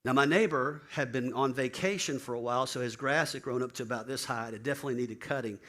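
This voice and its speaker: A pastor with a medium-pitched voice speaks quickly as he tells a personal story during a sermon. He is an animated storyteller, acting out the voices of the people he quotes.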